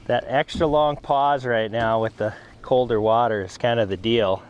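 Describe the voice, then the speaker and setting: A man narrating casually while fishing from a boat on a lake, relaxed and chatty, breaking into excited whoops when a fish bites. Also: medium pitch, moderate pace, clean tone. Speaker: fishing vlogger.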